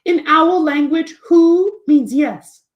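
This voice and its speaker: A woman's voice: extremely high pitch, dull audio, voice pushed up. A woman voicing a hooting, sleepy owl puppet. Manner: hooting, drawn-out and slow.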